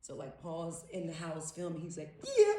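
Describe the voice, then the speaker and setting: A woman guest on a panel tells her story in loose, slangy speech, laughing between lines. Her voice sits at a middling pitch. The mic is set back from her in a big, echoing hall. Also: wildly swooping pitch, normal speed, background noise. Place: large event hall. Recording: echoey hall, distant mic.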